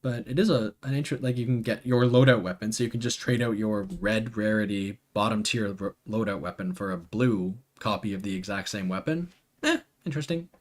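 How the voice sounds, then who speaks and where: A man's voice: on the low side, fairly even intonation, a little fast, hardly any pauses. A man streaming live and chatting casually, full of fillers and self-corrections, answering viewers by name as he goes. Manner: rambling, full of "like" and restarts. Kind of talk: casual livestream commentary.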